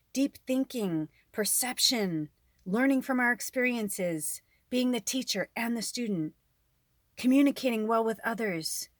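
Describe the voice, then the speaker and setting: A tarot reader and spiritual medium with a fairly high voice chats casually with her viewers, rambling with plenty of fillers. The sound is clean studio audio with no echo.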